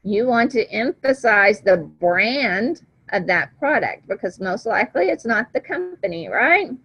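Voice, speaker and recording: A woman's voice: medium pitch, a bit bright, low-quality recording. A woman teacher giving a classroom lecture, talking conversationally and checking understanding with frequent "right?".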